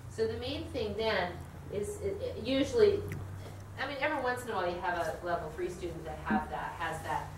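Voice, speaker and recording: Yoga teacher woman in an echoey room. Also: fairly low pitch. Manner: conversational, asks the class questions. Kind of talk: teaching a yoga training class. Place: studio room with a group. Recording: echoey room, distant mic, noisy.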